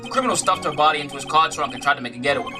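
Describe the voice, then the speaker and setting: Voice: medium pitch, rapid-fire, natural voice. A streamer voicing a nervous, dutiful male detective who stumbles over names and ends his lines with "sir", music underneath. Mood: earnest. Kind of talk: voicing a game character.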